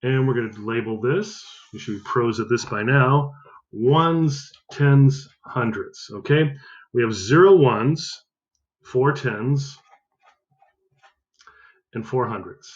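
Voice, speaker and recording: A man's voice: medium pitch, slow, pauses often. Upbeat man teaching math, lo-fi. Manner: upbeat, counting aloud, self-correcting. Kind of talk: recorded math lesson.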